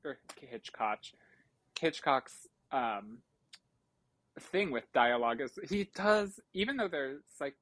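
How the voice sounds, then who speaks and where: A man's voice: mid-range voice, expressive, slow pace, a bit bright, dry recording, poor audio. Man explaining thoughtfully in casual chat. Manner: thoughtful, explains at length, supportive murmurs. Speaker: podcast co-host. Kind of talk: casual chat about a film.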